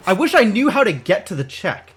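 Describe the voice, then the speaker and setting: A man streaming a video game live, musing aloud as he plays. His voice sits a bit high and swings widely in pitch. He rambles, jokes with himself and reacts out loud. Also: a little fast, slightly rough. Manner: animated, rambling, self-amused. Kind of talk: live gameplay commentary.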